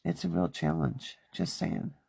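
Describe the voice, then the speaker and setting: Chatty woman with a gravelly edge. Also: low-pitched, lively intonation, unhurried, warm tone. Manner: chatty, talks to herself while working. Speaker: card-making livestream host. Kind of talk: casual crafting livestream chat. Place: home craft studio.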